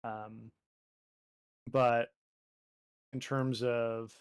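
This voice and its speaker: A man's voice: medium pitch, flat delivery, extremely slow, smooth. A young man with a Canadian accent talks loosely over a desk microphone on a live stream. He rambles, leans on fillers, and cracks jokes while he draws. His voice sits in a plain, middle register. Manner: rambling, joking, heavy fillers. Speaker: artist and streamer. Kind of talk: casual chat while drawing.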